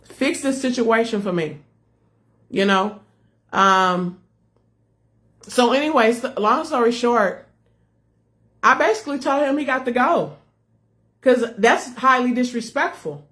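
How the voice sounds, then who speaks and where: Earnest higher-voiced woman. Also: unhurried, long pauses, a bit bright. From United States. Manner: earnest, repetitive, addresses viewers directly. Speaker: ministry leader. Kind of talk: personal testimony to followers.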